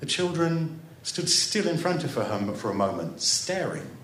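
A man reading a story aloud on a live stage in an expressive, theatrical way, with the odd dry aside. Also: on the high side, unhurried, slight background noise. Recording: roomy echo.

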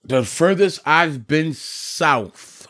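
A man's voice: fairly high pitch, expressive, drawn-out words, sharp tone, no echo, studio quality. A man who is a guest on a podcast, talking in a casual chat with blunt, teasing opinions.

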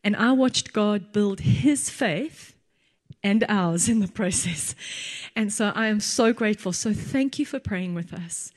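Woman, earnest church testimony, mid-pitched voice, long hall reverb. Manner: heartfelt, earnest, slow emphatic phrasing. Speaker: mother sharing a testimony.

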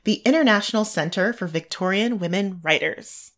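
A woman's voice: mid-range voice, moderate pace. A woman co-hosting a podcast in casual chat, giggly and rambling, tired and short on coffee. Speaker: podcast co-host.

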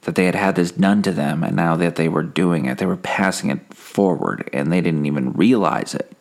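A man hosting a comedy podcast, telling a rambling, deadpan monologue full of self-corrections and dark punchlines. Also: low-pitched, moderate pace. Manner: escalates mundane stories into dark punchlines. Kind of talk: absurdist comic monologue.

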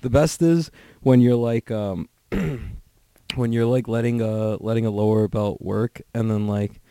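A man's voice: lowish voice, fairly even intonation, a little slow, dark tone, clean tone, no room sound. A man hosting a podcast alone, chatting casually in a rambling, profane way full of "like" fillers. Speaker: podcast host. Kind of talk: casual solo podcast chat.

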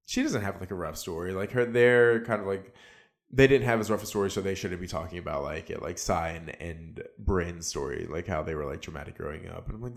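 A man's voice: sits low, moderate pace. A man giving a casual, sarcastic solo recap of a reality show, full of likes and ums.

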